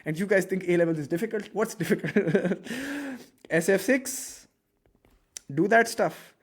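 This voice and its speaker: A man's voice: sits high, expressive, measured pace, long pauses, slightly rough. A man teaching a chemistry lesson in a casual, jokey way, counting aloud as he draws and mocking his own sketches.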